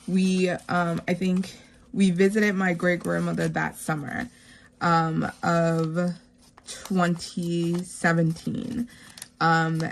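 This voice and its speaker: A woman in her thirties talks through her savings envelopes slowly, pausing often with fillers. Her voice sits a little low and has a gravelly fry. A faint hiss runs under the recording. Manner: rambling, heartfelt, frequent fillers, whispered counting. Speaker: savings vlogger. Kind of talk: casual chat while stuffing savings envelopes.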